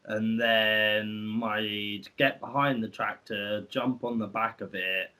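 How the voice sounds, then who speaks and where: A man's voice: lowish voice, flat delivery, slow pace, sharp tone. A man co-hosting a podcast, telling stories about farm work in a chatty, rambling way with many restarts. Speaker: podcast co-host. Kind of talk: casual storytelling.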